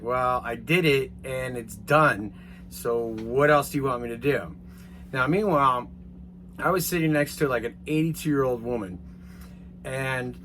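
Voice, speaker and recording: A man telling a rambling, casual story to his viewers, swearing now and then and getting animated as he retells it. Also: mid-range voice, slight background noise. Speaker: vlogger.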